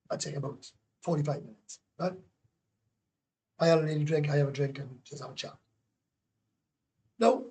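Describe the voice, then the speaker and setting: A man's voice: fairly high pitch, a little mellow, breathy edge. A Welsh man hosting a casual livestream, chatty and blunt, swearing freely as he talks to viewers. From Wales. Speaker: livestream host. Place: home in Thailand.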